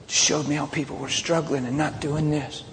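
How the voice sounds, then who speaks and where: Pastor, male, lively and blunt storyteller, slightly high voice, big hall reverb with faint room noise. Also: normal speed. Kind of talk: sermon.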